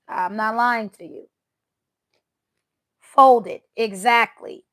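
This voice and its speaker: Sassy high-voiced woman doing tarot. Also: a little slow, echoey room. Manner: sassy, mocking, blunt trash talk. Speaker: tarot reader. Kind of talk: casual tarot reading vlog.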